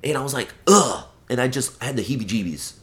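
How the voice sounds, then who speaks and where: A man's voice: medium pitch, fast. A young man in casual chat, telling stories with lots of swearing and acting out the voices of people in them.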